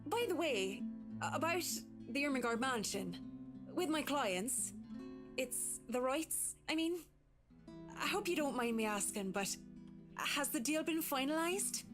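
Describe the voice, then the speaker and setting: A man's voice: very high voice, expressive, a little slow, over music, pitched above the performer's own voice. A man voicing a courteous, slightly apologetic woman with a pet dog, reading a visual novel aloud. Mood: hesitant.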